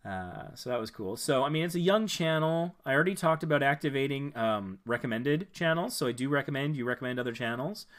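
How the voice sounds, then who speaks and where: A man hosting a casual live stream, reviewing viewers' channels. He thinks out loud, rambles a bit with fillers and restarts, and gives friendly advice. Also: mid-range voice, animated, brisk, few pauses.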